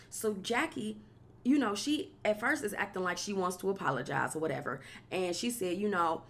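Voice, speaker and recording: A woman talks straight to her audience in a loose, casual recap vlog. She is chatty and opinionated, and she often mimics the cast in quick, playful voices. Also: medium pitch, a bit bright. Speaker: vlogger recapping a reality show.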